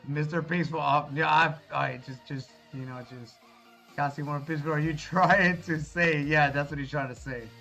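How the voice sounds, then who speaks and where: A man streams live, reading his viewers' chat in a laid-back, reassuring way and calling each of them brother. His voice is fairly high and steady, pushed and bright, at a moderate pace. The stream audio is dull and lo-fi, with faint music behind him.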